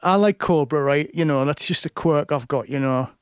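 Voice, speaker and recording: Brief: man, casual chatty storyteller, a touch higher pitched, dry close sound. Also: normal speed, clean tone, dry recording. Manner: rambling storyteller, many fillers and restarts. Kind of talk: casual chat.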